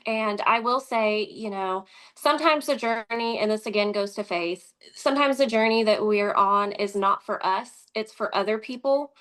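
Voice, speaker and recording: A woman, speaking as an interview guest and telling a personal story in a conversational, animated way, acting out quoted dialogue. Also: on the high side, normal speed, hardly any pauses.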